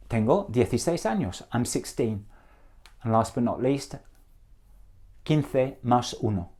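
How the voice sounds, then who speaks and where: A middle-aged man with an English accent, a Spanish teacher drilling numbers for students to repeat, brisk, encouraging and gently jokey. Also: mid-range voice, expressive.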